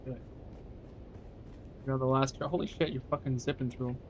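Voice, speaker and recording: A man's voice: medium pitch, little pitch movement, fairly quick, a little mellow, a little hiss or hum. A young man casually chatting to his viewers during a live game stream, loose and profane, answering chat questions. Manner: laid-back, swears casually, talks to chat.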